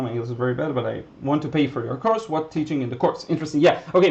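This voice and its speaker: A man with an Israeli accent chats easily while he paints and answers viewers' questions on a livestream, musing aloud with plenty of fillers. His voice sits at an ordinary middle pitch, and the audio sounds a little dull and muffled. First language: Hebrew. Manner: relaxed, thinking aloud, with fillers and restarts. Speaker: watercolor instructor. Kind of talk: casual livestream teaching and chat Q&A.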